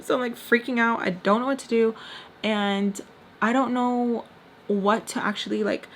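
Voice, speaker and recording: A woman's voice: a little high, steady tone, moderate pace, a little hiss or hum. A young woman telling a storytime vlog in casual chat, blunt and full of fillers, swearing now and then. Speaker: storytime vlogger.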